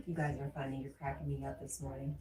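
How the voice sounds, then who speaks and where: A woman hosting a casual livestream, reading viewer comments aloud and laughing often. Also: very deep voice. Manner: chatty, laughs often, reads chat aloud. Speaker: livestream host. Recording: roomy echo with faint music.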